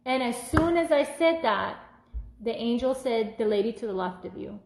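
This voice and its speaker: A woman minister telling a personal testimony in an animated, casual way, acting out the voices she quotes. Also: on the high side, moderate pace, reverberant, rough recording.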